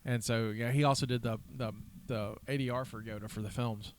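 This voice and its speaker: A man's voice: medium pitch, steady tone, fairly quick, a little hiss or hum. A man co-hosting a podcast in casual chat, teasing his friends and laughing often. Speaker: podcast co-host.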